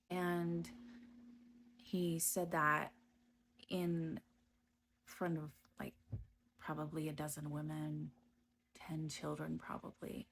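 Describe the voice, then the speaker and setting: A woman giving a personal testimony about her past, speaking slowly and hesitantly with frequent pauses and restarts. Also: low-pitched, level tone, a little hiss or hum. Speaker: storyteller recounting her past.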